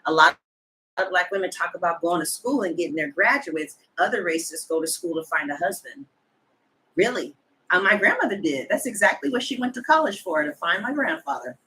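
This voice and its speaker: Chatty blunt woman with a bright voice. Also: fairly low pitch, animated, fairly quick, low-quality recording. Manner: chatty, gossipy and blunt, with slang and swearing. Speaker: tarot reader. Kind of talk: casual chat to camera.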